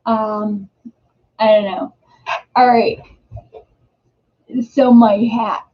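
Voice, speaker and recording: A woman's voice: medium pitch, steady tone, very slow. A middle-aged woman hosting a casual live stream from home, rambling with lots of fillers and restarts. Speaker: host. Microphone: webcam or computer mic. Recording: slightly dull, lo-fi home webcam audio.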